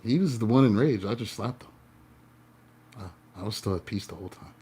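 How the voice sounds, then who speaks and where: A tarot reader and life coach tells his viewers a story playfully, his lowish, husky voice moving briskly. He swings between loud and hushed and laughs often.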